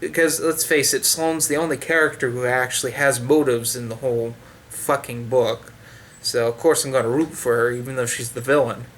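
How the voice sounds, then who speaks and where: A man's voice: mid-range voice, fairly even intonation, moderate pace, fairly bright tone. A man giving a sarcastic, profanity-heavy book review in a loose, rambling way, full of fillers and restarts. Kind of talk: ranting casual review.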